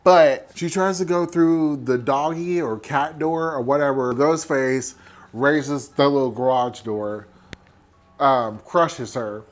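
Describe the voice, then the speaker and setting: Buzzed on wine, this mid-range-voiced host turns a horror movie into a comic retelling. He's lively and foul-mouthed, and keeps dropping into rapid character impressions.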